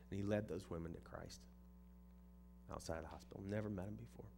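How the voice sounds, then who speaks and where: A man's voice: low-pitched, fairly even intonation, quick pace, gravelly, pauses often, background noise. A man preaching a sermon in a conversational way, often repeating words as he restarts a thought. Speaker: pastor.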